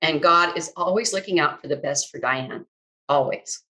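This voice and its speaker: A woman quoting a kind, upbeat older male mentor in a warm, coaxing, reassuring way. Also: low-pitched, moderate pace, voice pushed down, rough recording. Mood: gentle, soothing.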